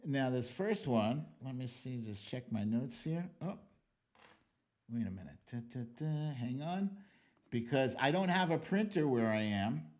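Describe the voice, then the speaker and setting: A man's voice: mid-range voice, measured pace. An American man hosting a political livestream, ranting in a casual, profane way and reading viewer comments. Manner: animated, profane, ranting with loud outbursts. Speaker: livestream political show host.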